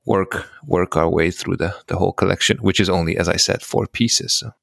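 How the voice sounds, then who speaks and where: A man from Hungary, co-hosting a podcast in a joking, teasing, relaxed way. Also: sits low, fairly quick, gravelly, no room sound, clean studio sound. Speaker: podcast co-host. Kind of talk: casual chat.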